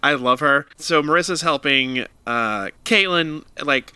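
Very bright-voiced man on a podcast. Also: fairly high pitch, a little slow, clear, resonant tone, no room sound. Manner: blunt, swears freely, recaps plot. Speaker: podcast co-host. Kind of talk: casual podcast chat.

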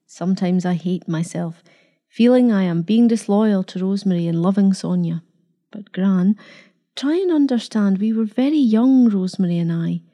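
A woman voicing an older grandmother in a storybook reading, firm and steady. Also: medium pitch, moderate pace, natural voice. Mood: earnest.

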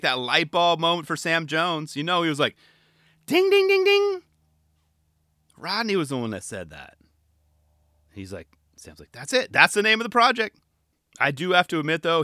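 A man hosting a podcast in casual, rambling chat, animated and self-deprecating. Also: mid-range voice, dry recording, clean studio sound. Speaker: podcast host.

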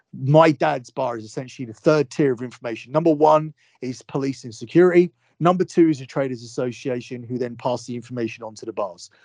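A man's voice: mid-range voice, a little mellow, no room sound. A young man, a podcast guest, talking heatedly, swearing and repeating phrases for force. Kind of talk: heated casual chat.

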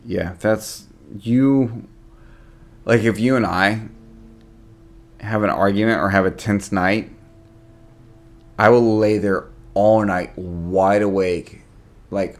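Animated, swearing man co-hosting a podcast. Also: lowish voice, slow, pauses often. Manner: animated storyteller, acts out quotes, swears a lot. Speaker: podcast co-host. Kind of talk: casual podcast chat.

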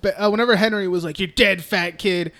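A young man co-hosting a casual film podcast, recapping scenes, swearing freely and acting out characters in quick voices. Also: high voice, steady tone, bright, forceful tone. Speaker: podcast co-host.

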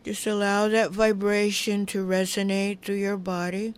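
A middle-aged woman calmly teaching relaxation through humming, toning and breathing, giving unhurried, soothing guidance. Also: medium pitch, clean tone. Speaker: wellness teacher. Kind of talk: guided relaxation instruction.

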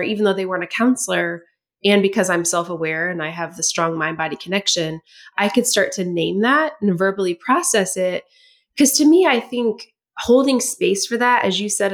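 A woman's voice: medium pitch, normal speed. A woman hosting a podcast, talking reflectively and affirming her guest with frequent "yeah" and "like". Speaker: podcast host. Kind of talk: podcast conversation.

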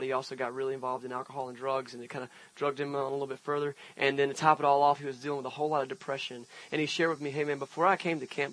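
At an outdoor park service, a pastor with a medium-pitched, slightly bright voice preaches a sermon, telling a personal story conversationally with emphatic swells. The audio is poor.

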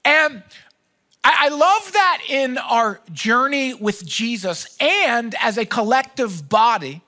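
Bright-voiced man preaching casually. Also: extremely high pitch. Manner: conversational, joking storyteller. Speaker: pastor. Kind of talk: sermon.

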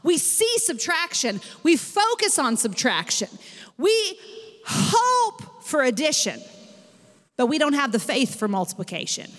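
A woman pastor preaches to her church in a lively, emphatic way. Her voice sits high and sounds bright and clear. It rings out with a long hall reverb behind it. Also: measured pace. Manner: animated preaching with rising emphasis. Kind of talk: sermon.

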